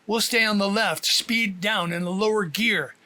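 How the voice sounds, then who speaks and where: A calm, knowledgeable grown man behind the wheel, explaining things in a steady lecturing tone, as a narrator puts him on. The voice sits high and bright for a man. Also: normal speed.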